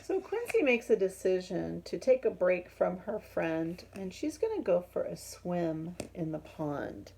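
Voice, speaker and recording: Woman, husky, gravelly, picture-book read-aloud, asks kids questions. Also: fairly low pitch, sing-song, measured pace, hardly any pauses, dark tone, rough recording. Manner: explaining, asking the listener questions.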